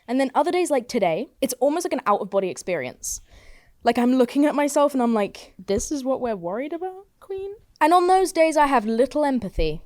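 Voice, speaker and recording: A woman's voice: fairly high pitch, a little mellow, no room sound. Rambling woman with a dry close sound. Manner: rambling, swears a lot, self-mocking. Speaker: podcast host. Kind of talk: casual podcast monologue. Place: home, seated on couch.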